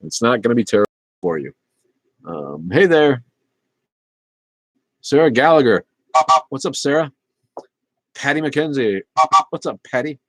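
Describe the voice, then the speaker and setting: A man's voice: mid-range voice, unhurried, pauses often, no echo. A man in his fifties hosting a casual livestream, chatting loosely with lots of fillers. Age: 50s. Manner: relaxed, rambling, with many fillers. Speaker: livestream host reading chat.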